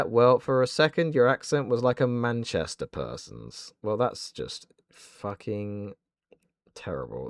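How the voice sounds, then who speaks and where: A low-pitched man from southern England chats casually on a gaming livestream, bantering with mock indignation. The streamer is recorded dry on a close mic with no room sound and faint game music behind him.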